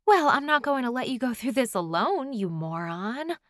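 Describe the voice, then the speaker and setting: A woman's voice: on the high side, lively intonation, a little slow, no echo, clean studio sound, voice pushed up. A woman reading an audiobook, voicing a caring young woman best friend who reassures firmly and teases bluntly. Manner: firm, reassuring, teasingly blunt.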